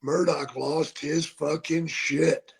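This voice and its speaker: Older man, raspy husky voice, slightly higher pitch, unhurried storytelling. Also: steady tone. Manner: slow, gravelly, profane storytelling. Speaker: podcast guest and co-host, retired wrestler. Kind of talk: casual storytelling chat.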